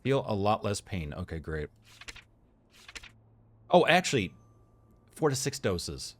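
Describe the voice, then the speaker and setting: A man's voice: lowish voice, very animated, takes it slowly, a bit bright, slight background noise. A man playing a medical game and commenting as he goes, thinking aloud, reading symptoms off the screen and joking with the characters. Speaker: gameplay commentator. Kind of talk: let's play commentary.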